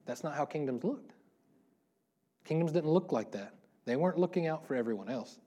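A man's voice: fairly high pitch, animated, moderate pace, dark tone. A man pastor giving a casual, interactive sermon, asking the congregation questions and laughing often. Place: church room before a congregation.

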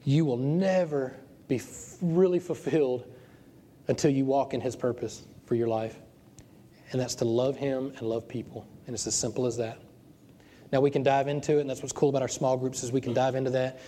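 Male pastor, earnest and emotional, warm low-key tone, faint room noise behind. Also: steady tone, moderate pace. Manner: earnest, emotional, repeats words. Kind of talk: sermon and closing prayer. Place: small church.

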